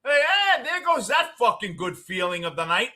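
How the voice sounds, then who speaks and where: A middle-aged man with a New York accent ranting as a postgame show host, cursing and swinging between yelling and muttering. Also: high voice, big pitch swings, normal speed. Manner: profane, swings from shouting to muttering. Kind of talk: ranting fan commentary.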